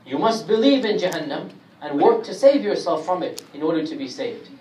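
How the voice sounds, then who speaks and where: A man teaching a Quran commentary class, speaking emphatically and reciting Arabic verses rapidly. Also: on the high side, animated, a little mellow. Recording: echoey room, distant mic, faint hiss.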